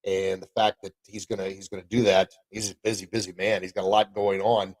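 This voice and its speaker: A man's voice: sits low, level tone, fairly quick, a little mellow, dry recording, rough recording. A middle-aged man hosting a podcast and live stream in a casual, upbeat, rambling way, full of folksy exclamations. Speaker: podcast host and martial arts coach.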